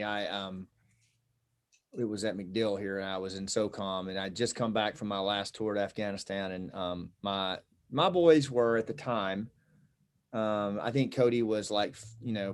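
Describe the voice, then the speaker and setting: A middle-aged man, a guest on a conversational show, telling a personal story in an earnest, reflective way with halting pauses and fillers. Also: lowish voice.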